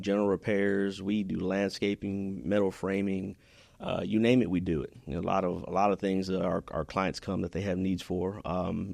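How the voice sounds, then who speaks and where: Earnest gravelly man, podcast guest. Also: sits low, a little mellow, no echo. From Houston, Texas. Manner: earnest and heartfelt, frequent restarts. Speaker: podcast guest, business owner. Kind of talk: casual interview chat.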